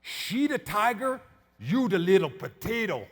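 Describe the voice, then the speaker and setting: A blunt male tour guide barks short phrases in broken English with a Chinese accent, as a speaker puts him on. The voice jumps high and sharp. The whole thing rings with long hall reverb. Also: big pitch swings, a little slow, heavily acted. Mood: scornful.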